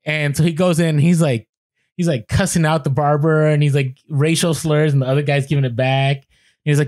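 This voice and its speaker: A man co-hosting a podcast, telling an animated story with quoted voices and many restarts. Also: on the high side, brisk, no room sound. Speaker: podcast co-host.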